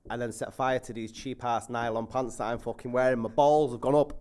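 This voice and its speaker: A man's voice: mid-range voice, steady tone, brisk, a little mellow. A man, co-hosting a casual football podcast, self-mocking with crude humour and hesitant restarts. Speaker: podcast co-host.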